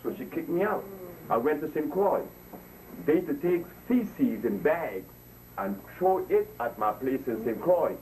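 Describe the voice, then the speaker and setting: A man's voice: on the high side, big pitch swings, a little slow, a little mellow. A man giving a public lecture to an audience, talking in an emphatic, preachy storytelling way. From Honduras. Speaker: herbalist speaker. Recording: distant mic with faint noise.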